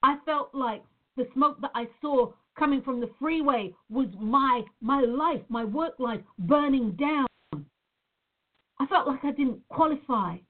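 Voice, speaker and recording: A woman's voice: high voice, unhurried. A woman from Nevada speaking earnestly and reflectively to her viewers, often repeating her phrases. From Nevada, USA. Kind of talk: personal monologue to viewers. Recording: phone-like narrow sound.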